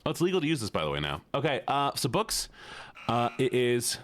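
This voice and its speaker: A man's voice: mid-range voice, wildly swooping pitch, fairly quick. A man streaming a game live, who is playful as he reads viewer messages aloud and answers them in casual chat.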